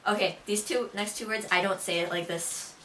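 A woman's voice: medium pitch, steady tone, a little fast, fairly bright tone, a little hiss or hum. A woman from Buffalo with a Buffalo accent, chatting casually and giggling often as she shows off regional words. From Buffalo, New York. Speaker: vlogger. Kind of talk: casual chat. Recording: roomy echo, mic far off.

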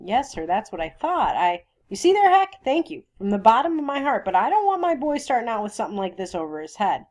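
A woman's voice: fairly high pitch, very animated, fairly quick, hardly any pauses, darkish tone, voice pushed up. A woman reading the part of a principled small-town lawyer and father, earnest, firm and courteous.

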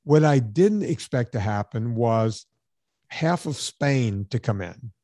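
A man hosting a podcast, telling stories in an animated, sarcastic way during casual chat. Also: mid-range voice, slow, no room sound, studio quality. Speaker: podcast host.

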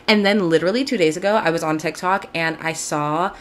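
A young Southern Californian woman hosts a casual video podcast, chatting to camera in a gushing way with lots of "like." Her voice is fairly low in pitch, fairly bright, and a little fast, picked up by a camera mic in video-call style.

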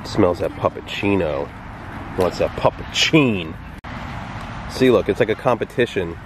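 A man's voice: low voice, lively intonation, unhurried, noisy background. Playful man at an outdoor dog park. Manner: playful, teasing talk to his dog. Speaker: vlogger. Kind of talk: casual vlog narration.

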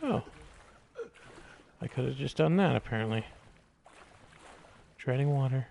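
A man's voice: mid-range voice, lively intonation, unhurried, vocal fry, darkish tone, a little hiss or hum. A man casually commenting on his own gameplay, rambling and cracking jokes to himself as he plays. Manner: joking, rambling, talks to himself while playing. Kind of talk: casual let's-play commentary.

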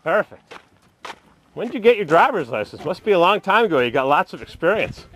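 A man's voice: high voice, very animated, brisk, fairly bright tone. A man filming himself outdoors as he loads his car onto a trailer, joking, teasing and giving instructions. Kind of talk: casual joking chatter. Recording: noisy outdoor camcorder audio.

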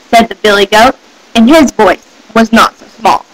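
A woman's voice: medium pitch, a little slow, rough recording. A young woman, a student, reading a fairy tale aloud with careful storybook delivery. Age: young adult. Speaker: student reader.

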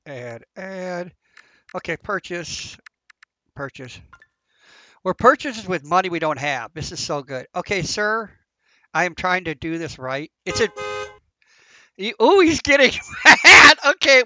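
A man's voice: on the high side, bright, forceful tone, dry recording. A man giving casual, flustered commentary while playing a game, thinking aloud as he goes. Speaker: gameplay commentator. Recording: dull, lo-fi, dry sound.

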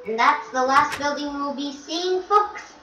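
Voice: sits high, moderate pace, pushed and bright, slight background noise. A young game vlogger giving a chatty, curious tour of a built world, musing aloud with ums and hmms. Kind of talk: casual gameplay tour commentary. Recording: roomy, distant, dull lo-fi mic with faint music.

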